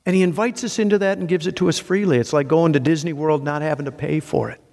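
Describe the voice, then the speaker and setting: A pastor preaches with lively, conversational energy, talking fast in a somewhat high, creaky voice. He asks rhetorical questions and piles up strings of words, and a long reverb suggests a large hall.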